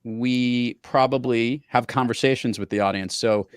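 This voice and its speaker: A man hosting a podcast in casual chat and telling anecdotes in a lively way. He is a professional speaker. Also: medium pitch, a little slow, smooth, dry recording, studio quality. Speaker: podcast host.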